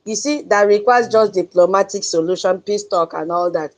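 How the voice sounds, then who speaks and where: A woman's voice: medium pitch, normal speed. A woman with a Nigerian accent hosting an online audio space, speaking in an emphatic, preachy advocacy style. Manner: chanting drum sounds, emphatic and preachy, laughs often. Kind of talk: impassioned advocacy talk.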